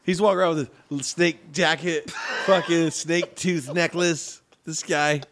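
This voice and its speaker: A man in his forties, a podcast co-host, telling a story in an animated, profane way and laughing as he goes. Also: fairly high pitch, measured pace. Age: 40s. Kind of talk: casual storytelling chat.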